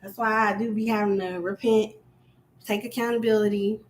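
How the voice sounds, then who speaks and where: A woman chatting casually on her own livestream, telling animated stories full of slang and swearing. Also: medium pitch, moderate pace, background noise. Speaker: live stream host.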